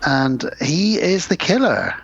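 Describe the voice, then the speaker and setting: Husky man, dry close sound. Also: a little high, very animated, slow, no room sound, dull audio. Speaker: podcast co-host. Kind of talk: casual film recap chat.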